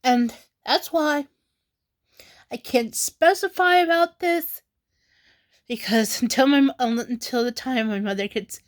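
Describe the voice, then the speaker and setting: Tearful woman talking slowly in a high voice. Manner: halting, apologetic, with sighs and restarts. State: crying, tearful. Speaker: vlogger. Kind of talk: emotional personal vlog.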